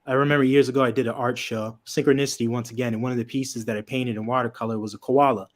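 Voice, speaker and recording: A man's voice: medium pitch, steady tone, quick pace. Laid-back rambling male comic creator. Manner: laid-back, rambling, lots of fillers and swearing. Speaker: comic book creator guest. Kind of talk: casual interview chat.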